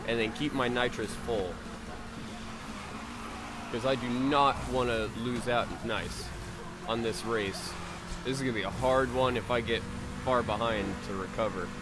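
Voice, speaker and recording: A man who is sick and low on energy gives live commentary on a racing game, excitable and swearing freely. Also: measured pace, pauses often. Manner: excitable, swears freely, cheers during races. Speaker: video game streamer. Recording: noisy, with racing game sounds. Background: car engines and game sounds.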